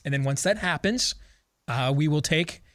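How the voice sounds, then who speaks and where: Sardonic male talk host, higher register, dry close mic. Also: a bit bright, no room sound. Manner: quick, sardonic, joking delivery. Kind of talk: political talk radio hosting.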